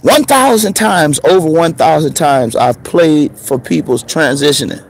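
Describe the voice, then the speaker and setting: A man in his thirties telling a story in a casual, profane monologue, laughing often and swinging between preacher-like highs and murmurs. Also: a little slow, gravelly, slight background noise. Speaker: show host.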